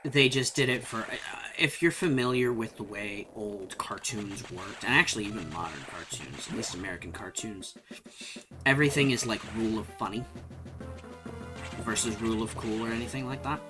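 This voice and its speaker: A man's voice: on the low side, moderate pace. A man giving casual, rambling commentary while playing a game on stream, swearing when surprised. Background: game music.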